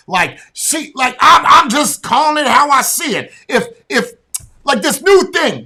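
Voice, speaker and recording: A man hosting a podcast, telling a blunt, profane and animated story in a casual rant. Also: high-pitched, moderate pace. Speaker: podcast host.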